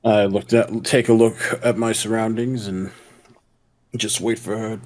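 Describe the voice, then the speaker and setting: A man's voice: lowish voice, level tone, a little slow, a little mellow. A man taking part in a tabletop role-playing game, hesitant and slightly formal as his character. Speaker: player.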